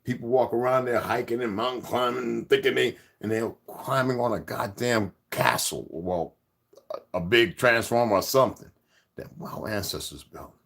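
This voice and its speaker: A man's voice: mid-range voice, moderate pace, creaky, a bit bright. A man hosting his own channel, talking loosely and rambling to his viewers as "y'all". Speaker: channel host. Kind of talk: casual vlog talk to viewers.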